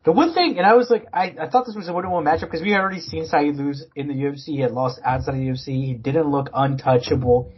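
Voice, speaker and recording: A man's voice: mid-range voice, fairly even intonation, quick pace, hardly any pauses, lo-fi sound. A man co-hosting a casual sports podcast, rambling with many fillers and restarts. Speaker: podcast co-host.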